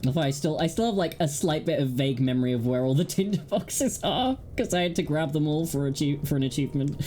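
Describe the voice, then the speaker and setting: Woman gaming host, low and mellow, lively, giggly let's-play chatter. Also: fairly quick, a little hiss or hum. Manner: chatty, giggly, wry asides to herself. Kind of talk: casual let's-play commentary.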